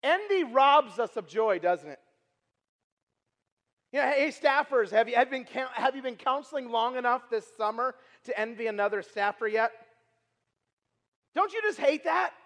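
A man preaching a sermon to camp staff, animated, repeating and restarting words and throwing questions at his listeners. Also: very high voice, moderate pace, long pauses. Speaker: traveling preacher. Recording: long hall reverb.

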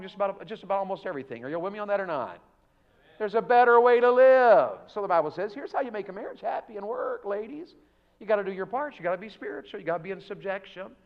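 High-voiced preacher, loud then hushed. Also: male voice, highs cut off. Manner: swings from loud emphatic preaching to soft, joking asides. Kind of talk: revival sermon. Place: church sanctuary.

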